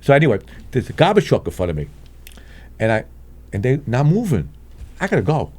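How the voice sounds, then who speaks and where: A man's voice: mid-range voice, fairly quick, breathy edge. An older man, telling street stories as a guest in a casual chat, acting out the voices of the people in them. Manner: animated, acts out voices in his anecdotes, chuckles often. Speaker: guest storyteller. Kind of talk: casual storytelling.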